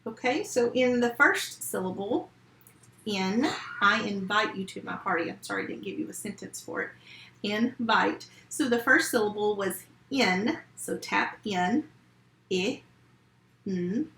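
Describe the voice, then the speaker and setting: Slow, patient woman teaching phonics. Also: medium pitch, expressive, vocal fry, fairly bright tone, roomy sound, low-quality recording. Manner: slow, patient step-by-step instruction. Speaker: first grade teacher. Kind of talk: remote phonics lesson.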